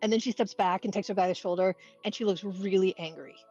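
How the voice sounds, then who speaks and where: A woman's voice: medium pitch, fast, darkish tone, slightly rough, faint music behind. A woman playing a tabletop game, casually describing her character's actions. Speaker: player. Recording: dull lo-fi mic.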